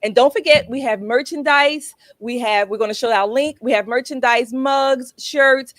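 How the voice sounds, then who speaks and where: A woman's voice: sits high, moderate pace, fairly bright tone, dry recording. A woman hosting a political talk show, chatty and emphatic as she rallies her audience. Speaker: host.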